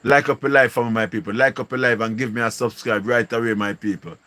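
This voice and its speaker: A man's voice: medium pitch, fairly even intonation, quick pace, fairly bright tone. Slangy Jamaican man on a live stream. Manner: slangy, repeats catchphrases, greets viewers. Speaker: livestream host. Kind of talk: casual live stream chat.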